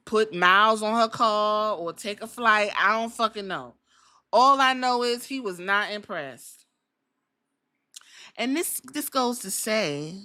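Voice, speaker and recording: A woman's voice: mid-range voice, pushed and bright. A woman hosting a casual podcast, talking bluntly with plenty of swearing and jokes. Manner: blunt, profane, joking. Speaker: podcast host. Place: Columbus.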